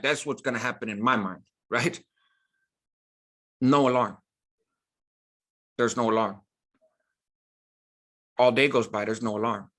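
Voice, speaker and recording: A man's voice: medium pitch, a bit bright. A man telling a prison story in an emphatic, casual way, using street slang and frequent "right?" asides.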